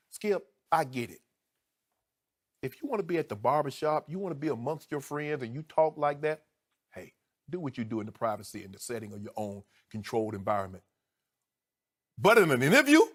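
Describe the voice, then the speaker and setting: A middle-aged man, a sports commentator on TV, debating heatedly. He is emphatic and indignant, swinging from low, measured talk to a loud voice and a string of rhetorical questions. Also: slightly rough.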